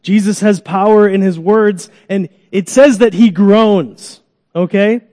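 A man preaching a sermon to a congregation in a church, animated, acting out groans and cries, coaxing children up for an illustration. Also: sits high, slow, big-room sound. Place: church sanctuary.

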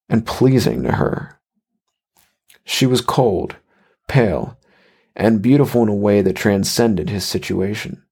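A man reading a horror story aloud in measured, even scripted narration. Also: on the low side.

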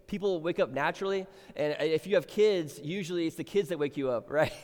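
A man's voice: on the high side, a little fast, darkish tone. A middle-aged man preaching a sermon as pastor, chatting with the congregation, then building to emphatic exhortation. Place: church sanctuary. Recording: long reverb of a church hall.

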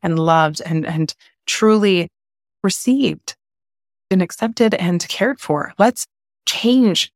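A woman hosting her own podcast, with a fairly low voice and a candid, passionate delivery. She drops casual swears as she warms up. The sound is close and dry, with no room around her. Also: expressive, takes it slowly, dry recording. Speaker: podcast host. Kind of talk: solo podcast talk.

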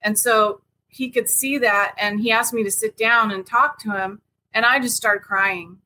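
Bright-voiced woman telling a personal story. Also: on the high side, fairly even intonation, a little slow, poor audio. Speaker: podcast co-host. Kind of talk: casual podcast conversation.

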